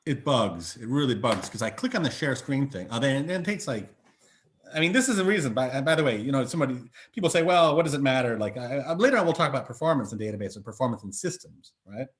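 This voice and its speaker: A man's voice: medium pitch, expressive, fast. A man giving a university lecture over a video call, chatty and thinking aloud with many fillers and restarts. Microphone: computer mic on video call.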